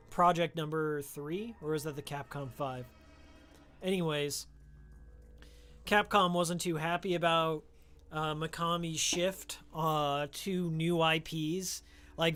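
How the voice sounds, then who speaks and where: A chatty man live-streaming a game, talking in a loose, rambling way that keeps drifting into side stories. His voice sits a little on the high side for a man. He speaks into a close studio mic with a pop filter, and faint music plays behind him. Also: fairly bright tone. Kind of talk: casual live-stream chat while playing. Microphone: studio microphone with pop filter.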